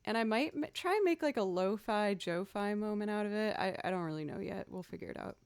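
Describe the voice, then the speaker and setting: A woman's voice: medium pitch, animated, quick pace, smooth. A woman livestreaming as a musician, chatting casually, thanking viewers and humming beats aloud. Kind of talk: casual live stream chat.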